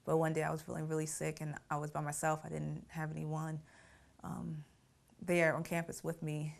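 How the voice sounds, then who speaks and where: A woman's voice: low-pitched, monotone, normal speed, gravelly. A middle-aged woman telling her family story in an interview, reflective and often laughing through painful memories. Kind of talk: personal storytelling.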